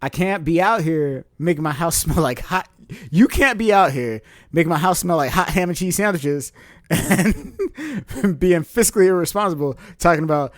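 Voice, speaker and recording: A young man with a slightly high voice tells a story on a podcast, laughing often and acting out the people in it. The sound is dry and close, with no room behind him. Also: normal speed, dry recording. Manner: animated, laughs often, acts out quotes. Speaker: podcast co-host. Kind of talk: casual storytelling chat.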